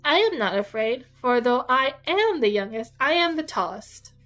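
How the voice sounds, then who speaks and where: A woman's voice: sits high, very animated, takes it slowly, a bit bright, soft background music, full character voice. A woman voicing a bold youngest teenage sister, speaking in a stout, boastful way.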